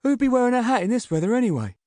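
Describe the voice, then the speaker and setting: A man's voice: very high-pitched, big pitch swings, racing, darkish tone, dry recording, studio quality, voice pushed up. A man voicing a silly, chatty young boy who rambles in a storybook reading. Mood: goofy.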